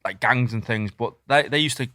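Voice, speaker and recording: A man talks quickly and earnestly in casual podcast chat, often starting his sentences over as he thinks. His voice is bright and sharp. The sound is dry, with no room echo. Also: mid-range voice.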